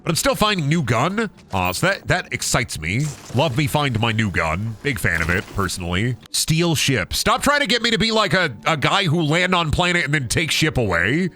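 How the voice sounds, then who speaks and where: Young male game streamer, lively pitch, bright tone, playful and crude. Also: moderate pace, soft background music. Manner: goofy, profane, playful voice swings. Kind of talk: casual gameplay commentary.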